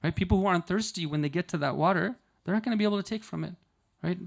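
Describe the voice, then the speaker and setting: A man's voice: high voice, racing, creaky. A man giving a conversational sermon at a community religious centre. He explains through analogies and stories and keeps checking in with the audience with "right?". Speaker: Muharram night speaker.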